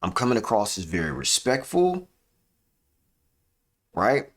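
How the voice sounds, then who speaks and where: A man hosting a live stream, giving a motivational talk with deliberate pauses and a habit of tagging sentences with "right?". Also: mid-range voice, sing-song, fairly bright tone. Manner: preachy, repeats "right?" as a tag; uses deliberate dramatic pauses.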